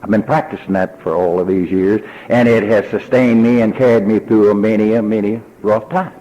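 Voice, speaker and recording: A man's voice: lowish voice, steady tone, brisk, mellow, lo-fi sound. An older man with a Texan accent giving a personal testimony at a recovery convention, telling his story in a folksy way and acting out remembered dialogue. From Texas.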